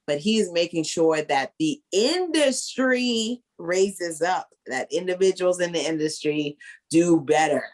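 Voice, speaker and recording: A woman's voice: fairly low pitch, lively intonation, a little slow, darkish tone. A tipsy Caribbean American woman with a lawyer's background, co-hosting a casual podcast chat and rambling with frequent laughter. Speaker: podcast co-host; entertainment lawyer.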